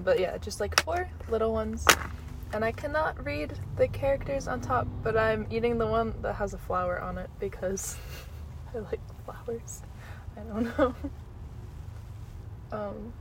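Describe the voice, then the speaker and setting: A woman's voice: a little high, unhurried, pauses often, noisy background. A young woman giving a casual, rambling food review while eating, chatty and giggly with many ums. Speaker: vlogger.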